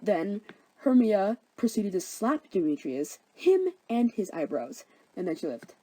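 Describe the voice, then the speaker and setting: A woman's voice: medium pitch, big pitch swings, a little slow, warm tone, slightly rough, no echo, poor audio. A young woman narrating a comedic story summary in a chatty, sarcastic, slangy way.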